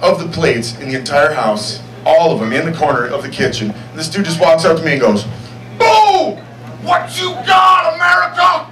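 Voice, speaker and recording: A young man performing a stand-up comedy set on a club stage, with deadpan asides and checks on the crowd. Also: a little high, fairly quick, hardly any pauses. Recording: echoey club sound from far off. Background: audience noise.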